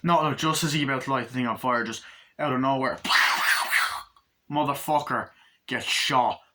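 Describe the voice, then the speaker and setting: A man's voice: medium pitch, fairly even intonation, a little slow, heavy background noise. A young man casually reviewing a movie, rambling, swearing often and acting out the scenes he describes. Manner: profane, rambling, acts out scenes.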